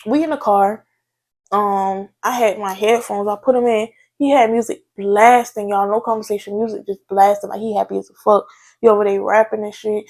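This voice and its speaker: A young woman chats candidly through a storytime vlog and talks straight to her viewers. Her mid-pitched voice carries a gravelly, creaky edge. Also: fairly even intonation, normal speed, darkish tone. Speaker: vlogger. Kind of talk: casual storytime chat.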